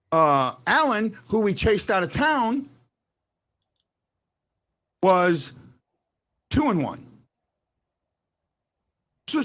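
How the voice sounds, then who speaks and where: Animated high-voiced man hosting a sports show. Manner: animated, repeats words when starting a point. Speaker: host. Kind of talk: casual sports chat.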